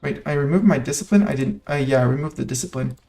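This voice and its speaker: A man's voice: medium pitch, fast talker, creaky, mellow, soft background music. A man giving casual live commentary on a strategy game he is streaming, thinking aloud and playfully talking to the nations on his map.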